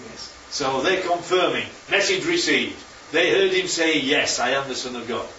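Leading an informal, slide-based Bible class, a teacher frequently checks in with his listeners in a chatty manner. His fairly high voice is bright and forceful with lively intonation at normal speed, captured in a roomy, distant, muffled hall with slight background noise.

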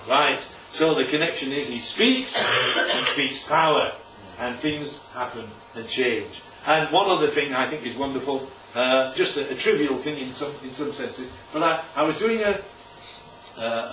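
Man preacher, lively and emphatic, fairly high voice, heard from a distance in a roomy hall with dull, muffled sound. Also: a little slow, a little hiss or hum. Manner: animated, emphatic, rhetorical "right?" asides. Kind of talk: sermon. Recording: echoey room, distant mic, dull sound.

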